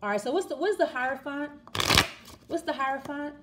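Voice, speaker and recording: A woman's voice: sits high, lively intonation, brisk, heavy background noise. A woman giving a casual, chatty tarot reading straight to the viewer, repeating and restarting her words as she talks. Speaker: tarot reader.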